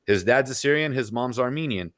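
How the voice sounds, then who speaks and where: A man in his forties, guest on a podcast, airs opinionated views in casual talk, often saying "you know" while listing examples. His mid-range voice is expressive and a little fast, captured in a dry, clean studio recording.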